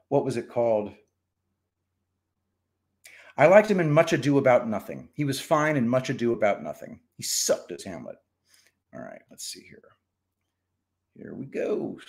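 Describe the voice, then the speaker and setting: A man's voice: medium pitch, sing-song, unhurried, long pauses. A man hosting a casual live stream, reading chat and giving rambling, opinionated takes with frequent restarts.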